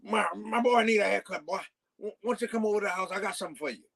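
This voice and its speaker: A man's voice: high voice, fast, gravelly, a loud crowd, voice pushed up. A man voicing an older, teasing man who coaxes a youngster with favors, raised a little above his own voice. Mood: coaxing.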